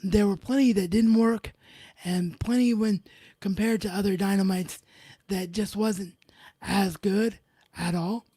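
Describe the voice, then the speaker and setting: A woman's voice: mid-range voice, fairly even intonation, unhurried, warm tone, husky, dry recording. A woman hosting a live solo review of a wrestling show, enthusiastic and fond of repeating emphatic words.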